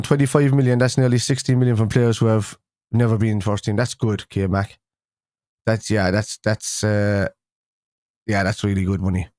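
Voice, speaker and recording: A man's voice: medium pitch, dry recording, studio quality. A young man hosting a casual fan live stream, chatting loosely with viewers and rambling through restarts and fillers. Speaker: fan show host.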